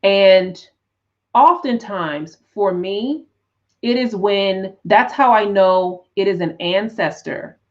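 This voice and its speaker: A woman teaching tarot on a live stream, talking in an unhurried, reflective way with frequent restarts and "right?" check-ins. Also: mid-range voice, lo-fi sound. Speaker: tarot teacher and spiritual coach.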